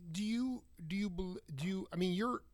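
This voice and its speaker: A man's voice: high-pitched, normal speed. A male radio host asking long, rambling interview questions with many restarts.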